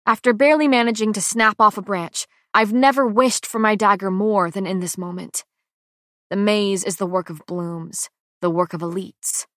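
Woman, first-person audiobook narration, tense and dramatic, sudden hushed lines, mid-pitched voice, very dry close-mic sound. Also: fairly even intonation, normal speed, no room sound.

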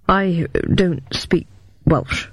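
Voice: medium pitch, very slow, husky, no echo. A narrator voicing a weary, decent older man speaking earnestly to his captor. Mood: subdued.

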